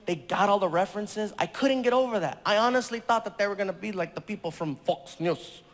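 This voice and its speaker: A man in his thirties telling a self-mocking stand-up comedy story with animated delivery. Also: high-pitched, a little fast. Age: 30s. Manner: animated, self-mocking, bursts into loud impressions. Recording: echoey live venue with faint noise.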